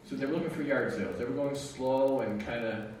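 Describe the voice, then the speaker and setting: A man telling a personal story to an audience in a lively, joking way, acting out what he and others said. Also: mid-range voice, a little fast, slight background noise. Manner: animated, jokey, quotes himself and others. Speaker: speaker sharing a personal story. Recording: echoey room, mic at a distance.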